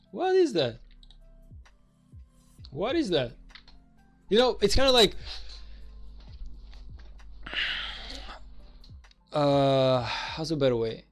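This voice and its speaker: Exasperated rambling male game streamer. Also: a little high. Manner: exasperated, rambling, swears, many fillers. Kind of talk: casual gameplay commentary.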